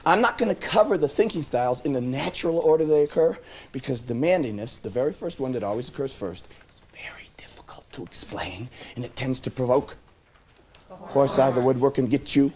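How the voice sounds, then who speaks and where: A middle-aged man presenting a live self-help seminar, joking and coaxing his audience to answer back. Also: fairly high pitch. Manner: animated, joking, coaxing call-and-response with audience.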